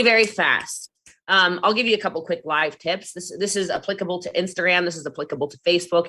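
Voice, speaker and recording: A woman giving an energetic network marketing training talk, animated and quick to jump between demonstrations and asides. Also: fairly low pitch. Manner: fast, animated, jumps between demos and asides.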